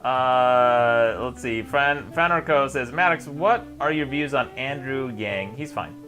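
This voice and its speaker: A man's voice: medium pitch, takes it slowly, fairly bright tone, faint music behind. A man hosting a live stream, reading viewer messages aloud in a sardonic, mock-tyrannical way and laughing often. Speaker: host. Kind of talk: live stream chat, reading super chats.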